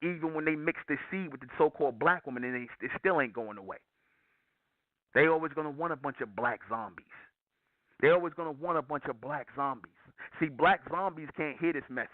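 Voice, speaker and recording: A man's voice: a little high, brisk, no room sound. A man hosting his own channel, delivering an impassioned preaching monologue in a raised, declaiming voice. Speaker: YouTube channel host. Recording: tinny phone-like sound.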